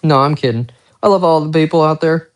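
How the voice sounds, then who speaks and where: A man's voice: fairly high pitch, fairly quick. A man who collects watches, talking casually on a live stream in a rambling, profane, self-mocking way, with chatty asides to viewers.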